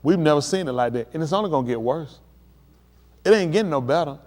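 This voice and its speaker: A man preaching on a livestream, emphatic and addressing his listeners directly, building to excited peaks. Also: on the high side, quick pace. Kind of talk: livestream preaching on world events.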